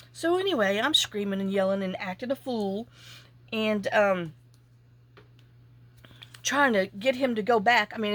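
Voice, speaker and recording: A woman telling a rambling, animated story in a casual vlog while she works on a craft project. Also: mid-range voice, dry recording. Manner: animated, chatty, acts out her own reactions. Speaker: junk journal crafter.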